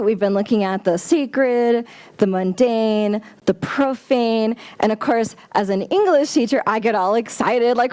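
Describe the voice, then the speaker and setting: Bubbly woman giving a lively sermon. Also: fairly high pitch. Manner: animated and exclamatory, playful asides. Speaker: guest speaker at a spiritual center. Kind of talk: sermon talk.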